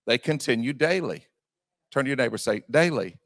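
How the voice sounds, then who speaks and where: A man preaching a sermon in a church, repeating his phrases and swinging from shouting to quiet asides. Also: medium pitch, a little fast, vocal fry, no room sound. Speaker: pastor. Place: church sanctuary.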